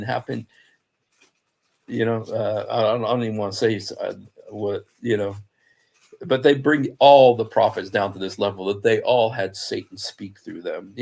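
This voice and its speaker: Creaky-voiced man telling a story. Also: medium pitch, a little mellow. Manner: conversational storytelling, acts out quoted speech. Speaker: Christian apologist speaker. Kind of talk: informal talk on scripture.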